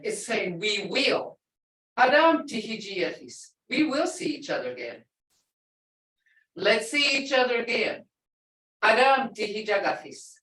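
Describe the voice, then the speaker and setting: A woman's voice: mid-range voice, fairly bright tone. An older woman teaching a language class, explaining phrases plainly with many examples and asides. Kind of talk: language lesson. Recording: roomy, from far off.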